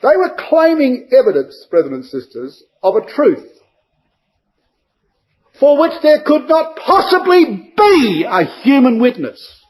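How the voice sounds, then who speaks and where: A man's voice: very high-pitched, sing-song, a little slow, a little mellow, poor audio. A man giving a verse-by-verse Bible study to a congregation, emphatic and full of rhetorical questions.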